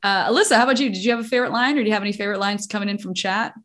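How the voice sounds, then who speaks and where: A woman's voice: medium pitch, fairly bright tone. Laughing woman hosting a video-call chat. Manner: laughs often, quick follow-up questions. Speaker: host of a podcast talkback.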